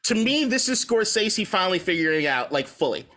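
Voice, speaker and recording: A man's voice: high-pitched, big pitch swings, brisk, pushed and bright. A man co-hosting a podcast, rambling through profane, opinionated movie talk in a casual debate. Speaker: podcast co-host.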